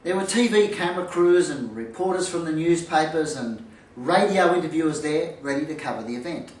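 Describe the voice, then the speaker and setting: Comic storyteller, self-mocking, recorded from far off in a roomy space. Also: male voice, on the high side, fairly quick. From Australia. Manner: lively, self-mocking, punchline timing. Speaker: storyteller, former boxer.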